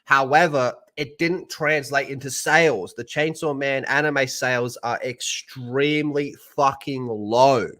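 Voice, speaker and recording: Crude, joking Australian stream host, bright and forceful. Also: male voice, mid-range voice, steady tone, unhurried, few pauses. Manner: crude, loud, joking, swears often. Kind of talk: casual live-stream chat.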